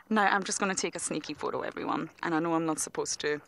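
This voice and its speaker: A woman working as a safari guide, giving animated live commentary from a vehicle outdoors as she spots and calls in wildlife. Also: low-pitched, fast, vocal fry, hardly any pauses. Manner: animated, spotting and calling in wildlife. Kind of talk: live game drive commentary.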